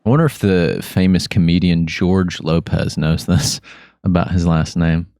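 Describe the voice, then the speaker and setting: Low-voiced easygoing male podcast host. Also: normal speed, a little mellow, no echo, studio quality. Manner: easygoing, chatty, trails off and restarts. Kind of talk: casual interview chat.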